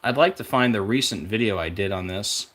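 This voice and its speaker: Pitched on the low side with a touch of brightness, a man delivers a rambling, casual monologue for his numerology video. He rapidly strings together numbers and connections in a conspiratorial tone, often losing the thread and thinking aloud through fillers.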